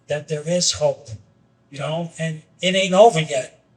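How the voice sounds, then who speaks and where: A man's voice: fairly high pitch, fairly even intonation, a little slow, husky, distant mic, rough recording. A man talking as a podcast guest, earnestly telling a story and acting out its characters in a raised voice. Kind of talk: candid conversation with storytelling.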